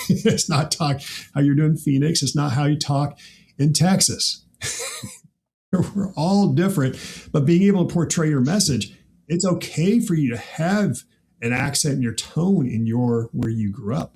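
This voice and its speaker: A man who grew up in the Midwest, hosting a casual chat with an animated, laughing manner and frequent rhetorical asides. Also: mid-range voice. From American Midwest. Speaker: podcast host.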